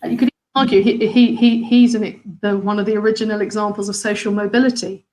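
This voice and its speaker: A woman's voice: mid-range voice, little pitch movement, brisk, a little mellow, low-quality recording. A middle-aged woman, a former head teacher, talking earnestly and thoughtfully about a Torah story that means a lot to her, with many fillers and restarts. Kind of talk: personal reflective talk on a Torah story.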